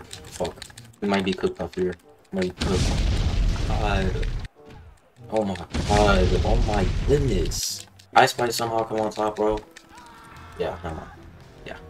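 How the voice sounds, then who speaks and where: A young man with a fairly low voice rambles through a wrestling game, swearing freely and tacking "bro" onto nearly every line. His casual commentary swings from laid-back muttering to excited outbursts, with faint music playing underneath. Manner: excitable, profane, rambling, says "bro" constantly. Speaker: gaming channel host.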